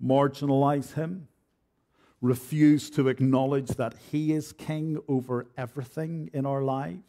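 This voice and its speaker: A man's voice: mid-range voice, fairly even intonation, a little slow, dark tone. A man preaching an expository sermon in church, earnest and direct, with frequent rhetorical questions. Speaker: pastor.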